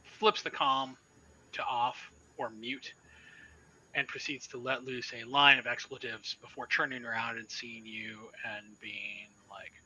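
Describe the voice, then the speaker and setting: A man's voice: medium pitch, flat delivery, unhurried, bright, forceful tone, slight background noise, low-quality recording. A man narrating a sci-fi horror tabletop game as game master, casual and loose with fillers.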